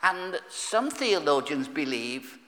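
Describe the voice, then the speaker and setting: Slow, bright-voiced male pastor preaching. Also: fairly high pitch, very animated, in a large hall. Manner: frequent throat clearing. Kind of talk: sermon. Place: church.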